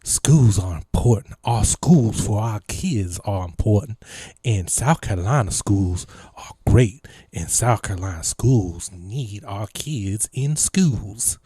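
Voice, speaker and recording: A man imitating a state governor who speaks slowly, haltingly, with many "uh"s and lip smacks. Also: on the low side, expressive, mellow, slightly rough, dry recording, pitched below the performer's own voice, exaggerated voice. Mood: droning official. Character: halting male state governor, stiff and official.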